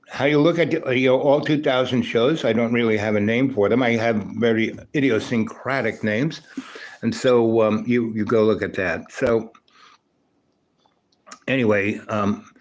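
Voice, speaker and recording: A man hosting a livestream, telling a long rambling story from his school days, peppered with "you know" and "right?". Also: mid-range voice. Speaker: livestream host.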